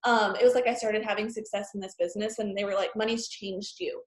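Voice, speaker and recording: A woman's voice: mid-range voice, fairly even intonation, quick pace, echoey room. A woman hosting a casual interview chat, rambling and full of fillers, agreeing readily with her guest. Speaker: host, network marketing leader.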